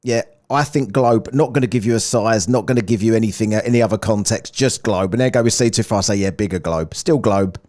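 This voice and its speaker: A man's voice: fairly low pitch, quick pace, hardly any pauses, darkish tone. A man hosting a live stream, mocking and swearing freely. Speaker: host reacting to a stream. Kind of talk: casual live commentary.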